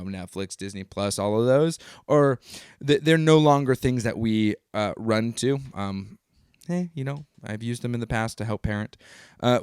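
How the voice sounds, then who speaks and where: A man in his thirties hosting a live stream, talking casually in a rambling, animated way that often interrupts itself. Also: medium pitch, clean tone, no room sound, clean studio sound. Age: 30s. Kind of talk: casual livestream monologue.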